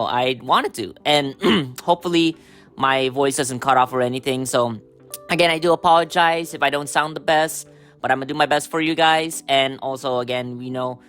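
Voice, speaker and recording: A man hosting a casual solo podcast, hoarse from a cold, rambling with lots of fillers and throat-clearing. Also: medium pitch, a bit bright. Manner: rambling, full of "you know" and "um", throat-clearing. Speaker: podcast host.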